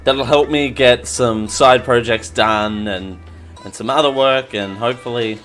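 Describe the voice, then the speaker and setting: Rambling Australian podcast host. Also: male voice, mid-range voice, unhurried, a bit bright, soft background music. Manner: rambling, self-mocking, many restarts. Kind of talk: casual live-show chat.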